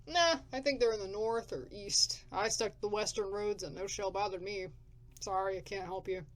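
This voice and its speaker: A woman voicing a hungry, gruff male drifter scavenger, reading game dialogue aloud in a blunt, grumbling way. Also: mid-range voice, normal speed, natural voice.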